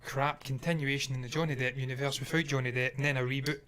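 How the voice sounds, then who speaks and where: A man's voice: mid-range voice, little pitch movement, fast, fairly bright tone, a little hiss or hum. A man co-hosting a casual movie news chat, speaking in an opinionated, emphatic way and laughing easily. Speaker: co-host of a movie news show.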